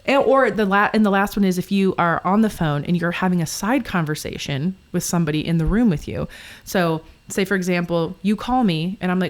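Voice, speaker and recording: A woman co-hosting a podcast in casual chat, animated and ranting, laughing often. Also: fairly low pitch, a little fast. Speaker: podcast co-host.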